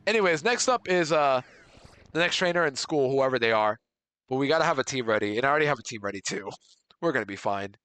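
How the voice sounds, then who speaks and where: A man streaming a video game live, chatting with his viewers and swinging from panicked outbursts to relaxed chatter. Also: mid-range voice, fast talker, smooth, no echo. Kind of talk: live gameplay commentary. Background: faint game music.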